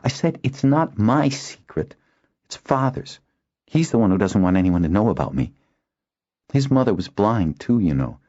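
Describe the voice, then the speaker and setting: A man's voice: sits low, very animated, moderate pace, warm tone, voice pushed up. A man voicing a spirited young girl. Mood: indignant. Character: spirited blind young girl, quick-tempered. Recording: dull lo-fi recording.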